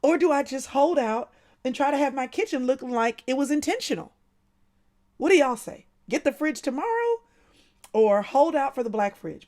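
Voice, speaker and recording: Woman host, casual livestream chat, animated and laughing, fairly high voice. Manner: animated, laughs often, talks to viewers by name.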